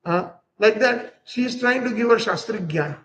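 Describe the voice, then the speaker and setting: A man's voice: sits high, animated, moderate pace, a bit bright, low-quality recording. A man giving a devotional lecture, animatedly telling a story and acting out its characters. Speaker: spiritual teacher.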